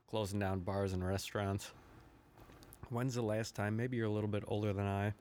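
A man's voice: on the low side, level tone, moderate pace, darkish tone, a little hiss or hum. A man hosting a podcast, ranting casually with lots of swearing, laughter and rambling asides. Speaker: podcast host. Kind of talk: profane comedic rant.

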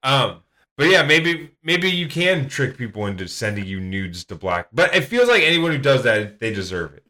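Bright-toned man in loose podcast chat. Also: medium pitch, big pitch swings, moderate pace. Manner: rambling, joking, swears freely. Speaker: podcast co-host. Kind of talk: casual podcast banter.

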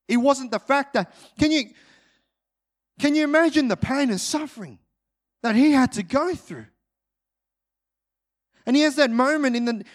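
A man preaching a sermon to his congregation, moving between urgent, loud peaks and hushed, drawn-out phrases. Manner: dynamic, swings from loud urgent peaks to hushed low delivery.

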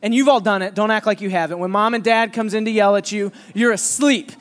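A man preaching a sermon, telling a lively personal story and teasing his listeners. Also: sits high, a little fast, big-room sound. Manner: animated, joking storyteller who teases the audience.

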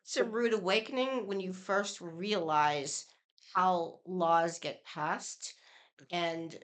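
A woman's voice: fairly low pitch, takes it slowly. A woman state senator being interviewed, speaking earnestly and emphatically about her time as a lawmaker. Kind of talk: conversational interview.

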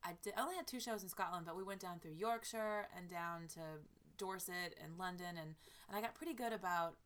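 A woman's voice: fairly low pitch, a little fast, a bit bright, a little hiss or hum. A woman from the American South, a touring performer, chatting eagerly as a guest with lots of restarts. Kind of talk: casual conversation.

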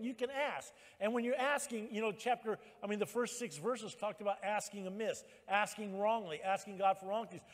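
A male pastor preaching a sermon at church, emphatic and rising to loud exhortation. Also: high-pitched, long reverb tail.

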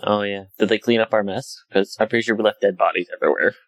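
A man playing in a tabletop game, chatting in an amused, giggly, animated way. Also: fairly low pitch, quick pace, no room sound. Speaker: player. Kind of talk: casual tabletop game chat.

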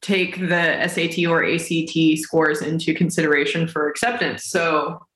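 A woman's voice: sits low, fairly even intonation, moderate pace, fairly bright tone. A woman in her twenties co-hosting a podcast over a video call, chatting casually in a dry, teasing way. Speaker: podcast co-host. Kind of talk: casual chat. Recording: roomy echo on video call.

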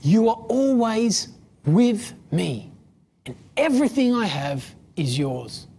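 A woman voicing an older, loving father who speaks gently and reassuringly to his son. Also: a little high, big pitch swings, takes it slowly, a little hiss or hum, full character voice. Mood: tender.

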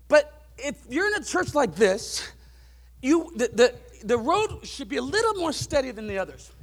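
A man preaching a sermon to his church, moving from soft, musing talk to loud, driving peaks. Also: very high-pitched. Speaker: pastor.

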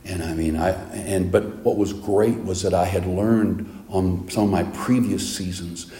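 A male preacher with a mellow, relaxed voice delivers a sermon in an animated, storytelling manner. His voice carries the echo of a roomy space. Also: deep voice, unhurried.

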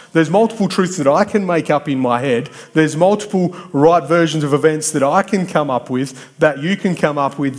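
A man's voice: fairly high pitch, a little mellow. A man preaching a sermon, conversational and emphatic, building points through repetition and bantering with people in the congregation.

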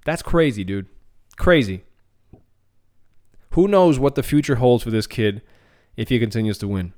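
A man hosting a podcast, chatting casually and excitedly about MMA news, often repeating words and restarting his phrases. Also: mid-range voice, moderate pace, pauses often. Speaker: podcast host.

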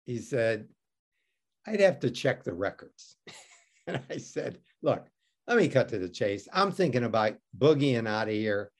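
Interview guest: man from Detroit, lively wry storyteller with a swinging pitch. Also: a little slow. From Detroit, USA. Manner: wry, self-mocking, acts out quoted dialogue. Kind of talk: animated storytelling.

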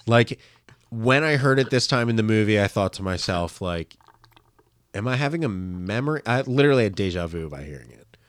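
A man's voice: on the low side, a little fast, no echo. A young adult man co-hosting a casual film podcast, telling stories and acting out movie quotes. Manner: animated storyteller, acts out quotes loudly. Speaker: podcast co-host.

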